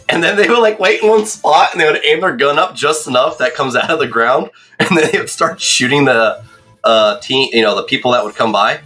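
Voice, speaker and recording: A young man streaming a game, telling rambling, excitable stories in casual chat and checking in with "right?". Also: mid-range voice. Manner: excitable, swears.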